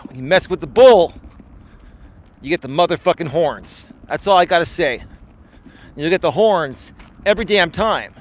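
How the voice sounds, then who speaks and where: A man with a high-pitched voice hosts a casual live stream outdoors in a built-up area, with passing traffic heard behind him. He talks in a boastful, teasing way and swears casually. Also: expressive, measured pace, long pauses. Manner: boastful, teasing, laughs at his own jokes. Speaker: life coach hosting a live stream.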